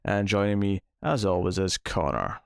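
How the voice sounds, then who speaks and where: A man's voice: low-pitched, normal speed, creaky, dry recording, clean studio sound. A man hosting a casual movie review podcast, rambling and correcting himself as he talks, often breaking into a laugh. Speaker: podcast host.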